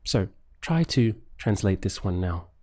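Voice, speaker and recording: A man teaching a beginner language lesson on video, speaking in slow, deliberate, clearly spaced phrases. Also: on the low side, very animated, mellow.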